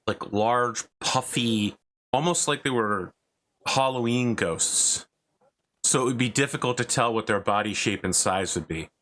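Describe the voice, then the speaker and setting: A man with a fairly low voice runs a tabletop role-playing session as game master. He narrates in a relaxed, chatty manner and often stops to explain things with asides.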